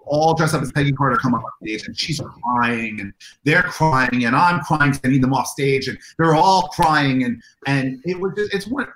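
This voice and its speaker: Guy who runs conventions telling stories all excited, echoey room. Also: medium pitch, moderate pace, few pauses. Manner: animated, enthusiastic storyteller who acts out dialogue. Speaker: convention organizer, guest. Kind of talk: anecdotal interview storytelling.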